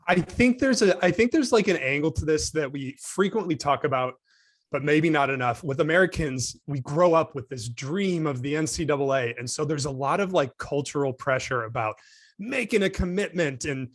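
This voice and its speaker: A man's voice: on the high side, lively intonation, moderate pace, dry recording, studio quality. Man co-host thinking aloud. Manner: rambling, thinking aloud with restarts. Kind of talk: casual panel discussion.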